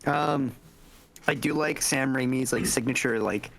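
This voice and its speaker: A man's voice: mid-range voice, moderate pace, fairly bright tone. A young man co-hosting a casual movie review podcast, rambling and swearing freely. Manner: rambling, swears often, acts out scenes in funny voices. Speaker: podcast co-host.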